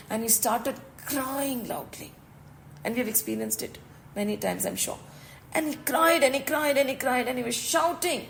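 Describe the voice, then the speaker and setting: A woman's voice: high voice, normal speed, gravelly, poor audio. A woman with an Indian English accent teaching and telling a scripture story, mixing in Hindi phrases and often checking with listeners. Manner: expressive storytelling, asks listeners "right?". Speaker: spiritual teacher.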